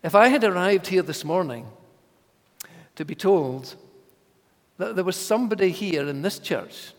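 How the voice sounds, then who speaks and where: Man, preacher, sermon, slow and deliberate, emphatic, slightly high voice, long church reverb. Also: animated. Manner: measured, emphatic, dropping to whispers for voiced thoughts.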